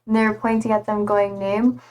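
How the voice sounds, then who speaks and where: A woman chatting casually on a live stream, playful and giggly. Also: a little high. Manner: giggly and playful, slow drawn-out talk.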